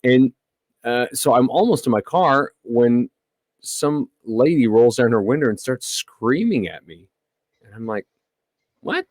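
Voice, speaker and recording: A man's voice: mid-range voice, animated, unhurried, dry recording. A man in his thirties co-hosting a podcast, telling a story in casual chat and acting out the lines he quotes. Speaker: podcast co-host.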